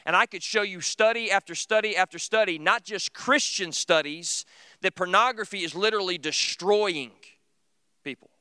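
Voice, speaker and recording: A man's voice: high voice, moderate pace, bright, forceful tone, clean tone, no room sound. A middle-aged man preaching a sermon in an earnest, conversational, storytelling way. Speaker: teacher.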